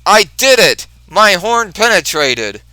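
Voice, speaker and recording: A man voicing an irritable, brutish supervillain in a rhino costume, complaining loudly. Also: fairly high pitch, big pitch swings, measured pace, smooth, dry recording, heavily acted, rough recording. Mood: angry yelling. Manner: loud, whiny complaining.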